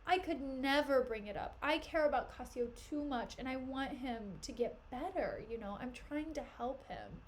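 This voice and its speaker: A woman's voice: high voice, expressive, moderate pace, few pauses, slight background noise. A woman voicing a scheming man who plays innocent with false modesty. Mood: falsely modest. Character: smarmy male schemer feigning modesty.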